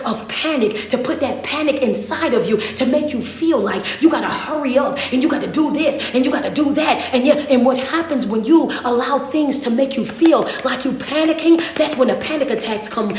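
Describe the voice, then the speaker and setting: Woman, motivational preacher, emphatic sermon, high-pitched, roomy echo. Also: a little mellow. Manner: emphatic, repeats "understand me?" to the audience. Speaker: motivational speaker.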